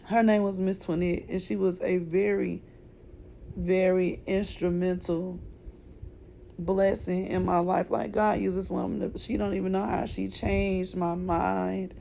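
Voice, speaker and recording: Candid woman with a low, mellow voice. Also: vocal fry, slight background noise. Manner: candid, chatty, speaks straight to viewers with "y'all" and "okay?"; faith-filled, calls for casting down negative words. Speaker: vlogger sharing a personal testimony. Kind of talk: emotional personal testimony.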